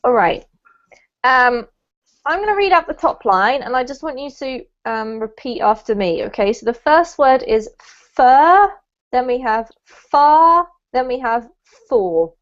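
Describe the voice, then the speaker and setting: A woman's voice: fairly high pitch, expressive, normal speed, dull audio. British woman teaching pronunciation online. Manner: chatty, encouraging, with frequent ums and laughs. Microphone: video call.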